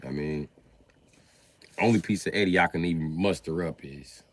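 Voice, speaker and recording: A man hosting a livestream, riffing in an animated, profane comedic rant with sudden jumps in pitch. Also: moderate pace, no echo. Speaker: livestream host.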